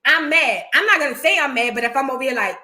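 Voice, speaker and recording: Woman host, high voice, bright and forceful, blunt, profane, animated reaction commentary. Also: fast talker.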